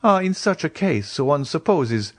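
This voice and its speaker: Audiobook: solemn mysterious count, voiced by the male reader, measured and lively in pitch. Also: no echo, clean studio sound. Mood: grave. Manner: grave, measured. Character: grave, mysterious nobleman, restrained.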